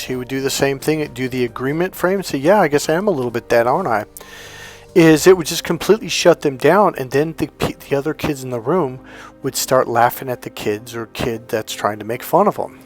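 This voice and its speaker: A man coaching viewers in a casual monologue, acting out quoted dialogue as he tells stories. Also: mid-range voice. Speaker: life coach.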